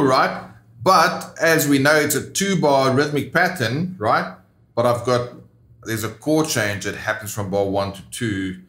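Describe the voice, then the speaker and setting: A man's voice: mid-range voice, fairly bright tone. Man counting beats in an echoey room. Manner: explains steps plainly and counts beats aloud. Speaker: guitar teacher. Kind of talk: instructional lesson.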